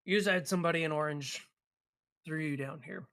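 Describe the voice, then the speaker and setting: A man's voice: fairly high pitch, normal speed, vocal fry, a bit bright, no room sound, clean studio sound. A man narrating a tabletop game as game master, hesitant and full of filler sounds.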